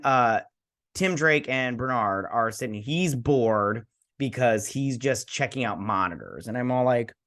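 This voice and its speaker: A man's voice: mid-range voice, fairly bright tone. A man hosting a casual TV episode review, rambling and sarcastic, often mock-quoting the characters. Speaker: host.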